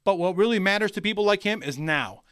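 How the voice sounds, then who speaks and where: Wysoki, jasny głos luźnego prowadzącego. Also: male voice, sits high, fast talker, clean tone, no room sound, clean studio sound. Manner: crude, excitable, rambling. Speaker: podcast co-host. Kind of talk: casual podcast banter.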